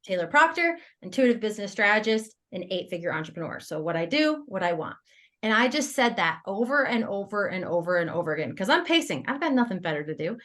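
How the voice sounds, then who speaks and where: Woman, podcast guest, mid-pitched voice, casual storytelling, animated, laughs a lot, quotes her own thoughts. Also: fast talker. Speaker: guest entrepreneur. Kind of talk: conversational storytelling interview.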